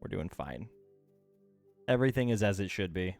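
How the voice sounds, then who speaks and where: A man's voice: low voice, lively intonation, moderate pace, darkish tone, soft background music. A man streaming a video game from home, chatting casually in a playful, rambling way. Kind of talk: casual gameplay stream chat. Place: home room.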